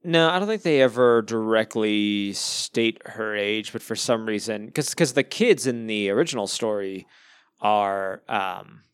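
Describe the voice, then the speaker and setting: A man's voice: on the low side, a little slow, smooth, no echo, studio quality. Chatty man in a book podcast. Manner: rambling, lots of "like" and restarts, laughs now and then. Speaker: podcast co-host discussing a book. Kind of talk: casual chat.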